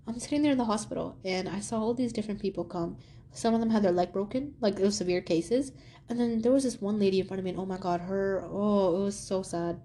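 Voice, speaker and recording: A young woman with a mid-range voice hosts her own podcast, talking through a personal story in a relaxed, chatty monologue. She keeps slipping into the people in her story, jumping up in pitch as she acts out their lines. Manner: animated, acts out quoted dialogue with pitch jumps. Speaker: podcast host.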